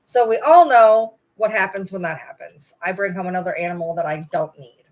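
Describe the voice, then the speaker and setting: A woman's voice: mid-range voice, fairly quick. Chatty woman cooing at her dogs. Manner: blunt, swears casually. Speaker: livestreamer. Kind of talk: casual chat during a livestream.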